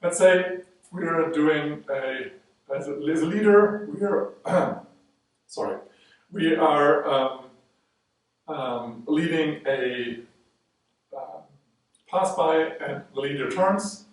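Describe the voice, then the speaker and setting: A man teaching an online swing dance lesson, counting beats aloud as he demonstrates steps, speaking slowly and a little away from the mic in a very roomy space. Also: on the high side, recorded from a distance.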